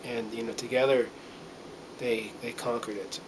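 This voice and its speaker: A man's voice: medium pitch, little pitch movement. Man, middle-aged, from the United States, earnest rambling monologue, lots of fillers, a bit choked up, handheld camera, faint background noise. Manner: rambling, earnest, halting with many fillers and restarts. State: a little choked up. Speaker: vlogger. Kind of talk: casual heartfelt monologue to camera.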